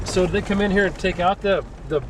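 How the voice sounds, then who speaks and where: A man's voice: high voice, quick pace, distant mic, noisy background. A man chatting at an outdoor camp, telling stories and acting out what people said. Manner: animated storyteller who acts out what people said. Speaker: vlogger on a camping and gold-dredging trip. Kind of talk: casual storytelling chat and solo talk to camera. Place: outdoor camp on a wooded mountain hillside.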